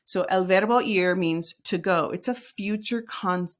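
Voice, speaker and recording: A Spanish teacher with a medium-pitched voice works through a recorded lesson at an unhurried pace. She explains each step and models example sentences aloud.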